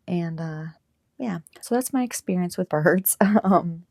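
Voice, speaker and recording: A woman's voice: fairly low pitch, normal speed, darkish tone, no echo, studio quality. A woman podcaster chatting casually and rambling, with lots of filler words. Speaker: podcaster and YouTuber. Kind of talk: casual chat.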